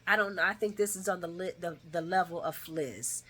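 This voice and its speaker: A woman giving a casual soap opera recap, chatty and opinionated, her voice jumping between loud bursts and low asides. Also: fairly quick.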